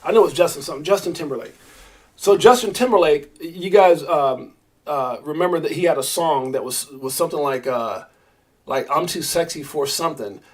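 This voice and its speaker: Animated New man hosting a live stream. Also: fairly high pitch, normal speed. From Brownsville, Brooklyn, New York. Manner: animated, rambling, addresses chat viewers by name. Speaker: crypto livestream host. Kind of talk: live-stream commentary reading viewer chat.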